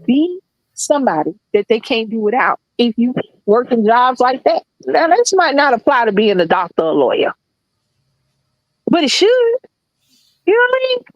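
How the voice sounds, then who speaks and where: A woman co-hosting a podcast, telling a story in a blunt, profane, animated casual chat. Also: a little high, normal speed, dry recording, lo-fi sound. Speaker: podcast co-host.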